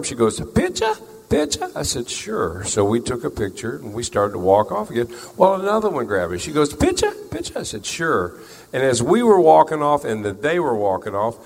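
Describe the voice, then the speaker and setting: Folksy man joking from stage. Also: medium pitch. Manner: folksy, joking storyteller addressing a crowd. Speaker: country-style singer performing on stage. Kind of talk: stage storytelling between songs. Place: concert venue with house lights. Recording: long reverb of a concert hall.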